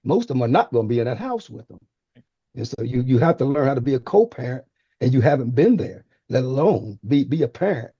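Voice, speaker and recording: A man on a radio panel calmly explaining how he teaches fatherhood classes. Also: mid-range voice, fairly quick, husky, dry recording, highs cut off. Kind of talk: casual radio panel talk.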